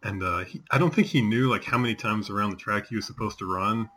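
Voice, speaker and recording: A man's voice: lowish voice, fast, fairly bright tone, a little hiss or hum. A man in his forties chatting casually as a host, telling rambling stories with many fillers. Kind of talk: casual chat.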